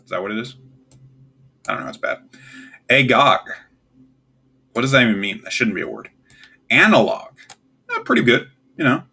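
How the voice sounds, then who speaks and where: A man's voice: medium pitch, sing-song, normal speed, long pauses, sharp tone, slightly rough. A young man hosting a casual solo video, ranking words with offhand, puzzled and wry asides. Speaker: tier list video host.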